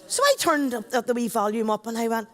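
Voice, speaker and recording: Lively Northern Irish woman MC, hall echo. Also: on the high side, quick pace. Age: middle-aged. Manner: chatty, joking, addresses the crowd. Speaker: event MC. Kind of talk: motivational stage talk. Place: stage at a large event. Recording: long hall reverb.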